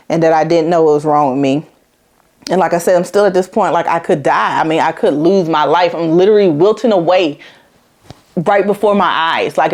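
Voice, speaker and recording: A woman in her forties with a somewhat low voice, talking straight into the mic as she shares a hard personal story. She is blunt and casual, swears freely, and leans on everyday slang. Emotion sits close under the surface, and she laughs it off between lines. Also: a little mellow. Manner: blunt, profane, conversational with slang. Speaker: podcast host.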